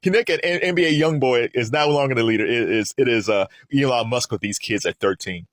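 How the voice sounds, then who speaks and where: A man's voice: mid-range voice, brisk, no room sound, studio quality. A man giving heated solo political commentary, asking rhetorical questions and mocking his opponents.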